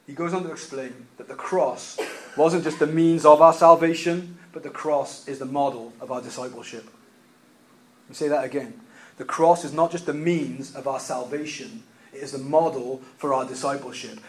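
A man preaching a sermon, emphatic, repeating key phrases and swinging between loud and quiet delivery. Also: on the high side, normal speed.

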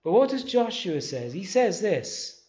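A man's voice: high-pitched, big pitch swings, measured pace, a little mellow. A man preaching a sermon. He talks in a casual, conversational way, asks the listeners questions, reads scripture aloud and presses his points with urgency. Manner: urgent exhortation. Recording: echoey hall, dull lo-fi sound.

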